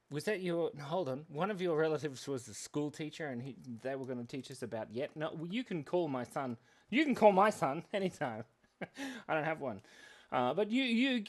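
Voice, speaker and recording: Goofy guy rambling on a kids drawing stream, voice bouncing all over, jokes at himself. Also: on the high side. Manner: playful, rambling, self-mocking. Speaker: livestream drawing host for kids. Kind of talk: casual live-stream chat.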